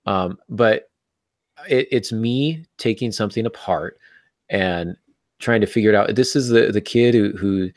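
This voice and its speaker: A man hosting a podcast about writing, giving advice in an energetic, emphatic way. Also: fairly low pitch, unhurried, no echo, clean studio sound. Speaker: podcast host.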